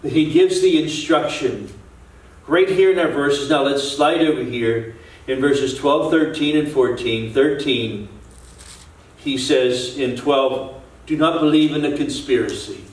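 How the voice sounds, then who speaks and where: A man's voice: mid-range voice, a little slow, distant mic. A male pastor preaching an earnest sermon, repeating and restarting phrases as he builds his points. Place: church sanctuary. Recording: echoey church, voice from off-mic.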